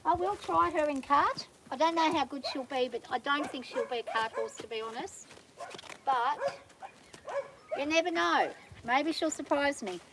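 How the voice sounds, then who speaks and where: A woman working a nervous horse on a farm, calmly coaxing the animal while explaining each step to viewers. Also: sits high, moderate pace. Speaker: horse trainer. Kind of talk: narrated training vlog. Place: outdoors on a farm on a windy day. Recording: outdoor recording with loud wind noise.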